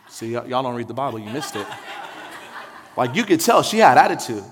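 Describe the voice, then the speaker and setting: A young adult man, a pastor, preaching in a church in a conversational, joking way that rises to shouted intensity. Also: medium pitch, in a large hall, a little hiss or hum. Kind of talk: sermon. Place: church sanctuary.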